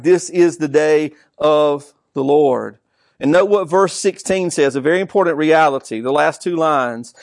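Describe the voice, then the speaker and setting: A man's voice: fairly high pitch, no echo, clean studio sound. A man preaching a sermon, stressing key words with repetition and rhetorical questions. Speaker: pastor.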